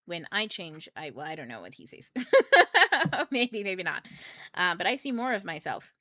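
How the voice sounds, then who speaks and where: A woman's voice: on the low side, very animated, moderate pace, sharp tone, no echo. A young adult woman hosting a book club, talking casually and reflectively, laughing often and acting out her own thoughts.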